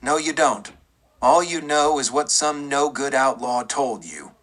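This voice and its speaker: A man's voice: medium pitch, lively intonation, measured pace, fairly bright tone. A man voicing a greedy young frontier deputy who pleads and protests in a rising voice. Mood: pleading.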